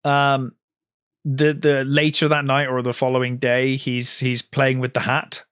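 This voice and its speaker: A man's voice: mid-range voice, completely flat delivery, measured pace, a bit bright, clean tone, dry recording, clean studio sound. A man co-hosting a film podcast, casually retelling scenes with lots of fillers. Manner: retells scenes with acted quotes, many fillers. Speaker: podcast co-host.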